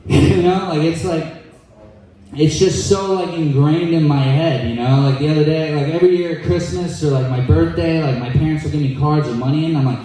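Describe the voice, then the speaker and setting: Young male stand-up comic, dry deadpan delivery, mellow voice, echoey club sound. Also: on the high side, distant mic. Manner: deadpan, quick asides, acts out quoted voices. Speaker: stand-up comedian. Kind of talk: stand-up comedy set. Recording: echoey room, voice off-mic.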